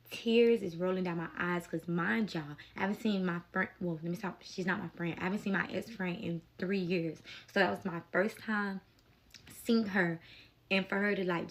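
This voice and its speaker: A young adult woman telling a personal story in a casual storytime vlog, animated and emotional, with plenty of slang. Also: lowish voice.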